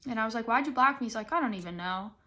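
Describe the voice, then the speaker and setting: Bright-voiced young woman rambling on a podcast. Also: animated, racing. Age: 20s. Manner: rambling, self-deprecating, laughs often with sudden loud high bursts. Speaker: podcast host. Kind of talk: casual solo podcast chat.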